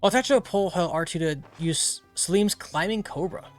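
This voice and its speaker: A man chats his way through a game stream in a rambling, casual way, his voice sitting a bit high. He wanders between thoughts while playing. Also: normal speed, soft background music. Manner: rambling, many fillers, chatty. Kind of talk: casual gameplay commentary.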